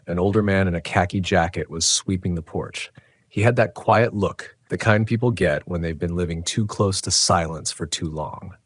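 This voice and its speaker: A man with a very deep, low voice reading a scripted horror story, measured and tense. The sound is dry and close-miked, with no room at all. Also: no echo. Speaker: narrator.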